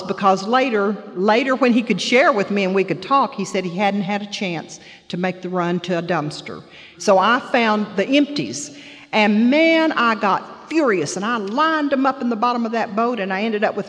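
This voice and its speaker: A middle-aged woman shares a heartfelt personal testimony with an audience. She tells it earnestly, and her voice sinks soft and low in the painful parts. Her voice carries a long reverb, as if spoken in a big hall. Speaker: guest speaker sharing personal testimony.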